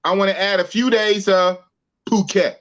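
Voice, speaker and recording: A man's voice: sits high, steady tone, moderate pace, fairly bright tone, muffled recording. A man from Oakland, California, hosting a podcast in slangy, playful casual chat. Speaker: podcast host.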